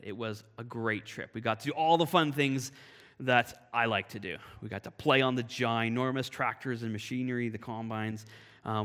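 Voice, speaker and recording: A man from Canada giving a sermon, telling a personal story in a lively, animated way. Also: mid-range voice. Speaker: pastor. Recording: long hall reverb.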